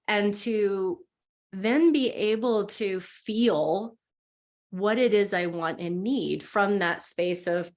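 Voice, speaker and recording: A woman with a mid-range voice speaks slowly as a guest who teaches spiritual practice. She explains things earnestly and encouragingly in an explanatory conversation, voicing inner thoughts as quotes.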